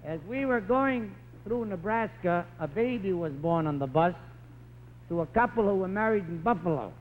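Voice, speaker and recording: A man's voice: sits high, expressive, moderate pace, in a large hall. A man telling rambling joke stories as a stand-up comedian on a telethon stage. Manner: wisecracking, rambling anecdotes. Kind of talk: stand-up storytelling. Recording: tinny 1950s broadcast recording, faint hiss.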